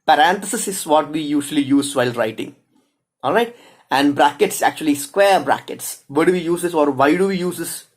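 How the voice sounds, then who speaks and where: A man teaching a lesson on writing, reading example sentences aloud and naming each punctuation mark, with a few halting restarts. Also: a little high, rough recording. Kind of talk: explanatory lecture.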